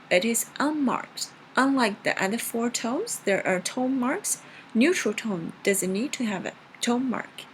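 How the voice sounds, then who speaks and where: A woman's voice: slight background noise, poor audio. Patient woman teaching tones. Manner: slow, patient, models tones with exaggerated pitch. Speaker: Chinese language teacher. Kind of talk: video language lesson.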